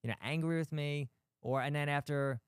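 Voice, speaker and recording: A man's voice: on the high side, normal speed, clear, resonant tone, no room sound, clean studio sound. A man hosting a talk for healthcare practice owners, blunt and emphatic, firing off rhetorical questions and the odd swear word. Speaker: podcast host, physical therapist.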